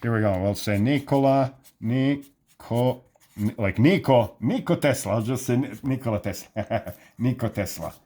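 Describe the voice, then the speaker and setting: A man chatting casually and haltingly while drawing, with many restarts. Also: medium pitch, mellow. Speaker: drawing vlogger.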